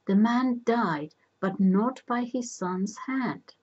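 A woman voicing a male messenger who speaks in a knowing, insistent way, with a husky voice, in a storybook reading. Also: fairly high pitch, takes it slowly, a little mellow, lo-fi sound, pitched above the performer's own voice.

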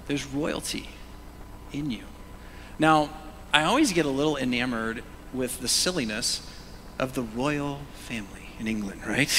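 A middle-aged male pastor preaching a sermon, animated, moving between loud calls and hushed whispers and prompting the congregation to say words aloud. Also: mid-range voice, unhurried, long pauses, a little hiss or hum. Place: church sanctuary. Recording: long church reverb.

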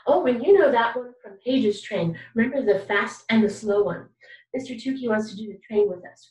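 Speaking at normal speed in a slightly high, somewhat mellow voice, a woman runs a kindergarten music class captured as an online recording. She patiently encourages the kids, poses questions, and sings examples, all in an echoey room on a distant mic with poor audio quality.

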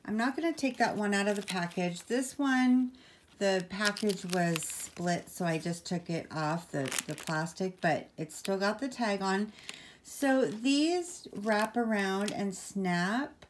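A woman's voice: medium pitch, takes it slowly, background noise. A woman chatting casually on camera at home, showing items one by one and rambling with lots of ums and apologies. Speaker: vlogger. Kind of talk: casual haul video chat.

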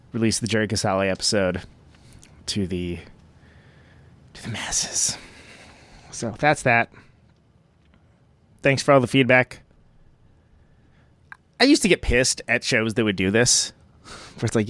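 A man's voice: fairly low pitch, unhurried, pauses often, a bit bright, no room sound. A man hosting a podcast, talking loosely through his intro with rambling, self-mocking asides from home. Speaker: podcast host. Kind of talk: casual podcast intro monologue.

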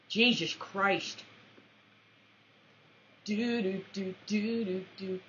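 A woman commentating her own shooter match, with playful trash talk, mock-formal quips and excitable yelps. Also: medium pitch, extremely slow, pauses often. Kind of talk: let's-play commentary. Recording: dull lo-fi recording.

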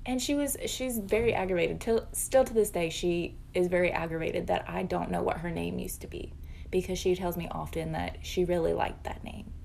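Gravelly, dark-voiced woman telling a story. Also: lowish voice, normal speed, slight background noise. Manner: bewildered, rambling retelling. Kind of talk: casual TikTok storytelling.

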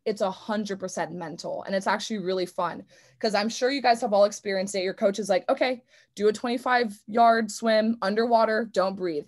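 A woman's voice: medium pitch, a little fast, darkish tone. A young adult woman, a swimmer speaking at an online convention, talking casually and earnestly with many fillers.

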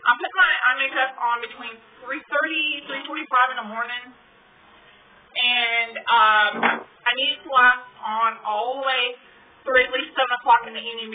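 Woman, beauty vlogger, casual rambling review, blunt, recorded on phone, tinny, slightly distant. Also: fairly high pitch. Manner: chatty, rambling, blunt opinions. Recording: tinny phone audio, faint background noise.

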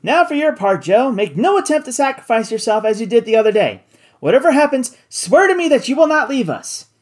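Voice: medium pitch, sing-song, a little fast, pitched above the performer's own voice, close to an everyday voice. A reader voicing a resolute Victorian doctor in an audiobook, speaking in a commanding, urgent way. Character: resolute Victorian doctor leading a balloon voyage. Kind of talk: audiobook character voice.

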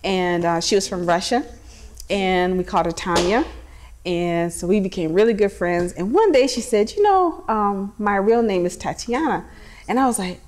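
A woman's voice: mid-range voice, lively intonation, moderate pace, a little mellow. A woman, mother of a young patient, telling her story in a casual, chatty way with many fillers and quoted dialogue. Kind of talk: casual personal account.

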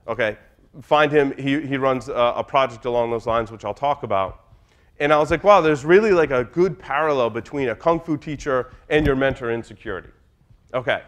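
A middle-aged man giving a humorous conference talk in a room, telling anecdotes in a loose, chatty way. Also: fairly high pitch. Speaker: conference speaker.

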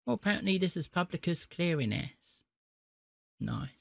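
A man's voice: high voice, big pitch swings, normal speed, vocal fry. A man live-streaming, chatting to viewers and prank-calling scammers. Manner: chatty, talks to chat between calls.

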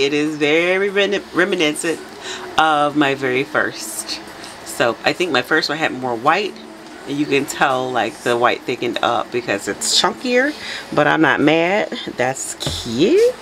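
A woman with a deep, husky early-morning voice chats her way through a soap tutorial. She laughs often and lets her pitch swing widely as she talks to viewers. A faint room hum sits behind her. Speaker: soap making channel host. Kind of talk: casual tutorial chat.

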